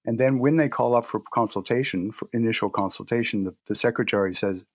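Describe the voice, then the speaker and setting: Guy with a lowish voice chatting easy, doing little patient voices, dry close sound. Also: a little fast, few pauses, no room sound. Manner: relaxed storytelling, acts out patient dialogue. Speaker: guest practitioner. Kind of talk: conversational interview.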